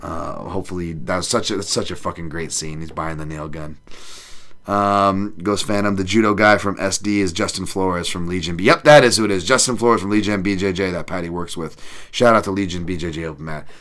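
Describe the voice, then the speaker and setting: A man's voice: low voice, steady tone, brisk, fairly bright tone. A man hosting a podcast, chatting casually with his live chat, swearing freely and joking at his own expense. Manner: profane, self-deprecating, reads chat aloud; laughs often, does funny voices. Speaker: podcast host.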